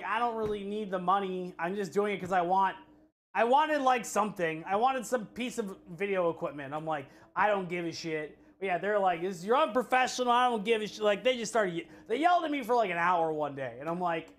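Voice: medium pitch, fairly bright tone. Live-stream cook, chatty and profane, rambling anecdotes between recipe steps. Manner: rambling, profane storytelling with restarts. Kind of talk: casual chat with live chat while cooking.

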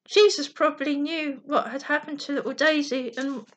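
High-voiced woman reading a bedtime story. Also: normal speed, very noisy. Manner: gentle reading with slips and restarts.

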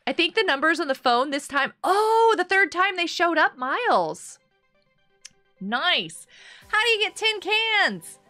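A woman's voice: high voice, pushed and bright. A woman streaming a game live, chatting to viewers by name, giggling and panicking as she plays. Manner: bubbly, giggly, often panicked; talks to chat viewers by name.

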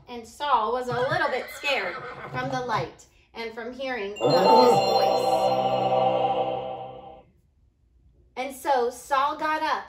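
A woman teaching preschoolers online, telling a Bible story in a gentle, sing-song way. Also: sits high. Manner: gentle, sing-song, talking slowly to small kids. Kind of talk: storytelling to young children. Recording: echoey room.

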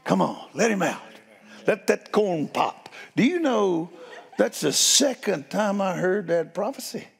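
A man preaching as a guest in a church, telling stories in a playful, animated way and laughing along. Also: high-pitched, measured pace, gravelly, breathy edge. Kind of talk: storytelling sermon. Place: church sanctuary. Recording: long reverb of a church hall.

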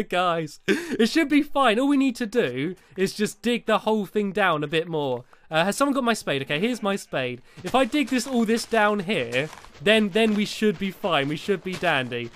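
High-voiced man narrating gameplay. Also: big pitch swings, moderate pace, a bit bright, no room sound. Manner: chatty, giggly, chivvies his in-game helpers. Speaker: Minecraft video host. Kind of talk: casual gameplay commentary.

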